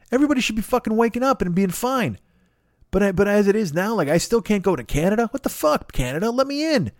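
A man's voice: fairly high pitch, a little mellow, no room sound, clean studio sound. A man hosting a podcast, delivering an exasperated, profane comedic rant and swearing constantly. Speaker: podcast host.

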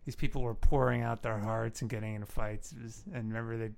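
A man's voice: lowish voice, quick pace, gravelly. Chatty joking male podcast co-host. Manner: chatty, jokey, animated asides. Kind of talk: casual film discussion.

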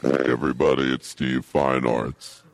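A man on a comedy podcast putting on a slow, deep-voiced man who pleads and whines through a pitch-lowering voice changer. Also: flat delivery, creaky, heavily acted. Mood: deadpan. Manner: slow, dragging, whiny pleading. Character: slowed, deep-voiced man mocked as falling apart.

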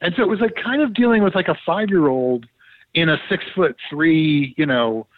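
A man, a former TV producer, tells a story in a relaxed, animated way and acts out the dialogue. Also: on the high side, moderate pace, no echo, narrow, tinny audio. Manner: animated, quotes others in reported dialogue. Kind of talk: casual anecdotal storytelling.

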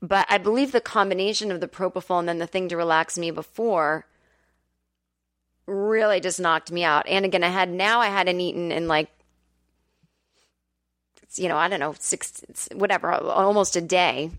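A woman's voice: normal speed, long pauses, a bit bright. Chatty woman host telling a story. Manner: candid, chatty, swears freely, acts out quotes in a high whiny voice. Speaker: podcast host. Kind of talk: casual storytelling monologue. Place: temporary home in Brooklyn.

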